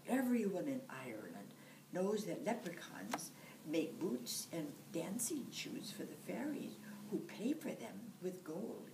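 A woman's voice: low voice, warm tone, far from the mic, a little hiss or hum. A woman library storyteller reading a folktale aloud with expression, recorded from afar in an echoey room.

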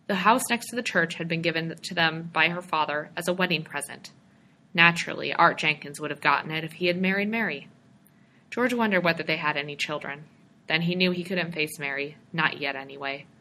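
Female storybook narrator, measured and expressive, bright and lowish. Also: a little hiss or hum. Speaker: reader.

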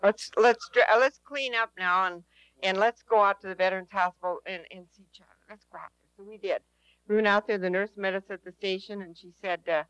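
A woman's voice: mid-range voice, fairly quick, a bit bright, no echo, low-quality recording. A woman telling a personal testimony to an audience in an earnest, emphatic way, repeating her key phrases. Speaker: speaker at a prayer teaching session.

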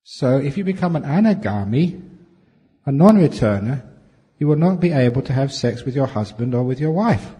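A man's voice: mid-range voice, animated, normal speed, dark tone. Playful man teaching in a reverberant hall. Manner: playful, jokey storytelling with chuckles. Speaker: Buddhist meditation teacher. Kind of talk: humorous dharma talk answering questions. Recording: long reverb from a large hall.

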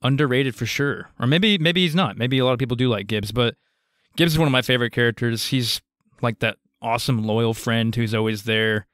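Smooth-voiced man discussing movies. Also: mid-range voice, a little fast, fairly bright tone, no echo, studio quality. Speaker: podcast co-host.

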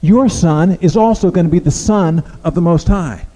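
A male pastor talks his way through a sermon in plain, conversational speech, stopping and restarting often. His voice sits a little high but sounds mellow and dark. A long reverb from the church sanctuary trails behind him. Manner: conversational, halting, many restarts.

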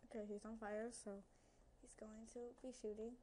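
A woman's voice: on the high side, level tone, moderate pace, mellow, slight background noise. A young woman giving casual gameplay commentary into a headset at home, nervous and chatty, talking to creatures in the game and to her viewers. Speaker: gaming video creator.

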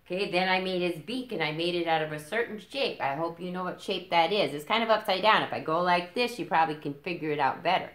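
A woman's voice: on the low side, fast, few pauses, a bit bright, reverberant. A woman hosting a library story time, patiently walking children through a craft step by step and checking in with them as she goes. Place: library room.

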